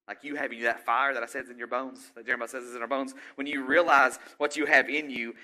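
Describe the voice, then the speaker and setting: A middle-aged man preaching a sermon in a conversational way, often asking the congregation questions and building to loud exhortation. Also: mid-range voice. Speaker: pastor.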